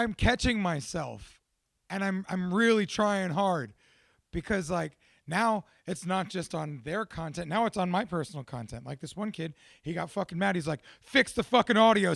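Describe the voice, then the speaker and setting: A young man hosting a podcast, talking in a casual, profane, animated and self-mocking monologue. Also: high-pitched, vocal fry, dry recording, studio quality. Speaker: podcast host.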